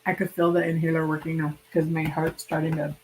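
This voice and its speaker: A woman's voice: sits low, flat delivery, brisk, a little mellow, a little hiss or hum, poor audio. A woman hosting a casual livestream, chatting and rambling directly to her viewers while sick and hiccuping. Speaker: livestream host.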